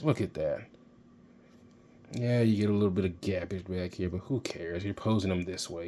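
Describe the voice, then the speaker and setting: A man reviewing an action figure in excited, rambling casual talk, geeking out. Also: low voice. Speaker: toy reviewer. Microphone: handheld camera mic.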